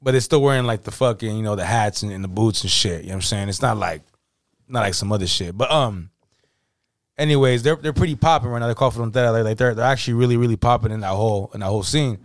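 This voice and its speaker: A man's voice: fairly low pitch, fast, no room sound, clean studio sound. A man co-hosting a podcast, telling a story in loose casual chat, full of fillers and swearing. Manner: rambling, profane storyteller with many fillers. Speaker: podcast co-host.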